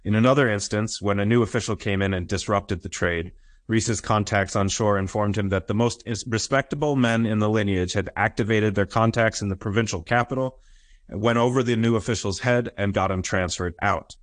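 Male academic lecturer, lowish voice, dry close mic, explanatory with frequent fillers. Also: a little fast, dry recording. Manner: explanatory, frequent "uh" and "right?" checks. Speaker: history lecturer. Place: lecture recording.

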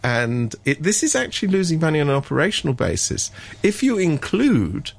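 A man's voice: on the high side, wildly swooping pitch, fairly quick, creaky. A man giving blunt, sardonic opinions as a regular commentator on a radio talk show.

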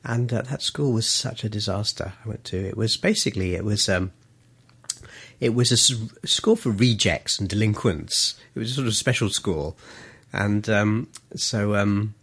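Gravelly, husky-voiced man telling wry stories. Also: fairly low pitch, moderate pace, a bit bright. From grew up in Malaysia and London. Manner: humorous, self-deprecating anecdotes with frequent laughs. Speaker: interview guest, journalist and author. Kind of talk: casual storytelling interview.

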